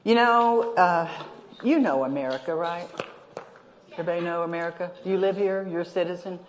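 A woman's voice: lowish voice, a little fast. A woman preaching a sermon in a humorous way, chuckling often and addressing the congregation directly. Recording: long hall reverb.

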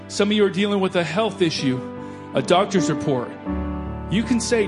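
A man preaching a sermon, swinging from loud declarations to soft storytelling. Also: high voice, animated, a little fast, over music. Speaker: pastor.

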